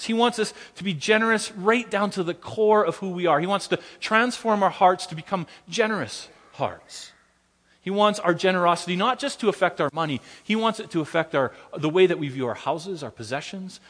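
A man, a pastor praying and then preaching a sermon in an earnest way, with gentle self-deprecating humor. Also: on the high side, long reverb tail. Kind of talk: sermon with opening prayer.

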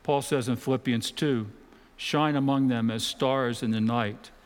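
A man preaching a sermon in a church auditorium, talking in a conversational way with dramatic pauses and the odd mock voice. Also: mid-range voice, steady tone, long reverb tail. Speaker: pastor.

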